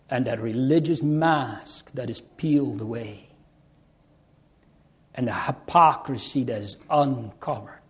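A man delivers a sermon at a very unhurried pace, his voice sitting at an ordinary pitch. He speaks earnestly and stretches out his pleading phrases, letting the words hang. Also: darkish tone. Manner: slow, earnest preaching with drawn-out pleading cries. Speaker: preacher.

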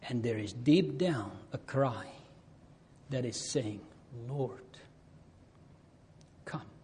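Male preacher, slow delivery, soft dark tone, rises to loud appeals then drops to near-whispers. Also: mid-range voice, expressive, a little hiss or hum. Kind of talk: sermon.

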